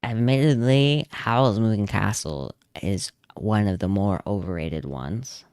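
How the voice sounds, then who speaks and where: A man's voice: lowish voice, measured pace, a little mellow, clean tone, dry recording. A young man streaming as a vtuber, chatting casually and telling rambling, self-amused stories while he draws at home on a close desk mic. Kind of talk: casual chat while drawing.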